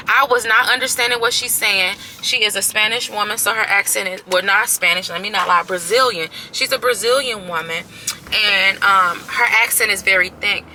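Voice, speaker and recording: A woman's voice: mid-range voice, fairly quick, sharp tone, slight background noise, rough recording. A woman in her thirties casually venting to her camera, exasperated and emphatic, repeating herself and swearing freely. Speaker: vlogger.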